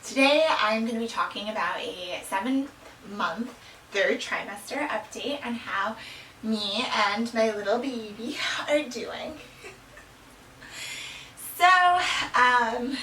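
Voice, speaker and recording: A woman's voice: fairly high pitch, takes it slowly, sharp tone, distant mic. A young woman vlogging casually at home, rambling with fillers and a little out of breath. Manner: rambling, with many fillers and laughs. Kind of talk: casual chat. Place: small room at home. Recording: roomy, from off the mic, faint room hum.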